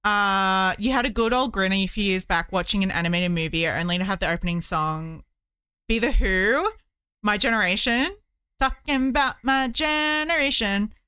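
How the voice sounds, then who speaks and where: A woman's voice: mid-range voice, expressive, normal speed, sharp tone, clear, resonant tone, no room sound, clean studio sound. A woman streamer chatting casually while she crochets, rambling with many fillers.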